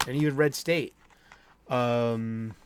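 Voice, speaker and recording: A man's voice: medium pitch, fairly even intonation, takes it slowly, clean tone. A man talking casually about a horror movie on his own channel, rambling with restarts and asides. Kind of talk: casual movie review monologue.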